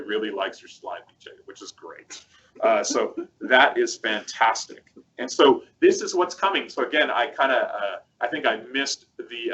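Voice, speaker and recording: A man hosts a casual webcast and talks through a software demo, his voice bright and a little forceful. He rambles loosely with plenty of ums and uhs. The audio is dull and lo-fi with a faint hiss of noise underneath. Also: mid-range voice. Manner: rambling, chatty, many fillers. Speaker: co-host presenting a product demo.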